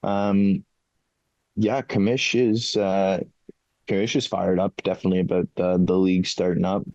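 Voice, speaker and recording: Very deep gravelly man, dull dry mic. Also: level tone, darkish tone, dry recording. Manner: halting, many ums and restarts. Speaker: podcast host, fantasy league commissioner. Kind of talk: casual chat.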